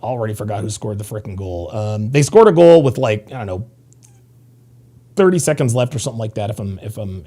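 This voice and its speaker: A man's voice: medium pitch, a little mellow. A man in his thirties hosting a casual livestream, rambling and profane as he reads chat comments. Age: 30s. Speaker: livestream host.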